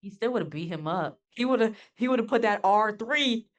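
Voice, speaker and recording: A woman co-hosting a casual anime reaction chat, blunt and jokey, quick to jump in. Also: fairly high pitch, expressive. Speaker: co-host.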